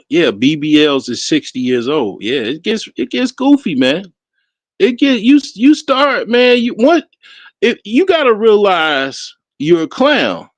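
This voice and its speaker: Rambling and profane, a podcast host from Africa delivers casual solo commentary, laughing often and starting sentences over. His voice sits high, and the recording has no echo.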